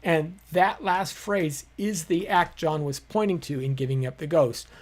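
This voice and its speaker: A man's voice: on the high side, measured pace. A man hosting a live-streamed teaching show, explaining his points in a conversational way with frequent fillers.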